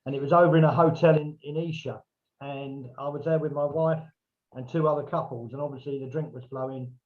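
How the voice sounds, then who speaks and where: A man tells a long casual anecdote as a podcast guest, bringing in other people's lines in lively, raised voices. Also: medium pitch, brisk. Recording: dull, lo-fi remote audio.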